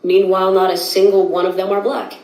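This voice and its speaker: A woman delivers an opinionated social media rant, exasperated and sarcastic, speaking straight to viewers. Her voice sits at a middle pitch, and the recording has a noticeable room echo. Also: little pitch movement, brisk, a little mellow. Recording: echoey room.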